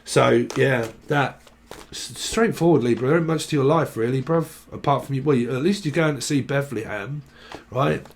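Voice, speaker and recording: A man talks through a tarot reading in a loose, rambling way. He drops into slang and plays out little conversations as he goes. His voice sits at an ordinary middle pitch. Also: moderate pace. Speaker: tarot reader. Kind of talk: casual tarot reading monologue.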